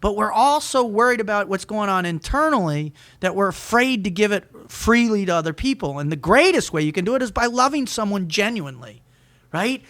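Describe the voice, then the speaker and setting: A man speaking as a motivational podcast guest, pouring emphasis into each thought and tripping over repeated words. His voice sits high and bright. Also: expressive, fairly quick. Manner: emphatic and fervent, often restarting words. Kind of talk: energetic podcast conversation.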